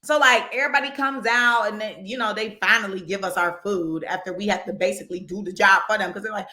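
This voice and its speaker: A woman co-hosting a podcast, telling a story in casual chat, animated and profane, acting out the people she quotes. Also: mid-range voice, a little fast, few pauses. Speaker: podcast co-host. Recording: echoey room.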